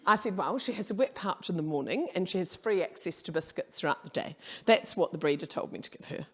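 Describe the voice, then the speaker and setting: A woman's voice: on the low side, lively intonation, a little fast. Brash storytelling New woman speaker. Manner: brash, storytelling, swears casually. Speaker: keynote speaker. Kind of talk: humorous keynote talk. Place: conference hall.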